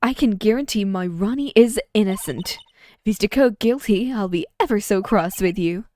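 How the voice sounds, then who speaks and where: A woman's voice: mid-range voice, expressive, moderate pace, mellow, no echo, natural voice. A woman voicing a sugary, doting young woman who talks sweetly in a game.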